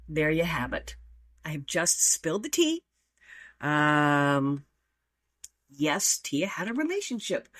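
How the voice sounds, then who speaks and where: A middle-aged woman hosting a show, telling a personal story in a chatty, animated way with frequent ums and restarts. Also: medium pitch. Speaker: podcast host. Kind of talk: casual storytelling.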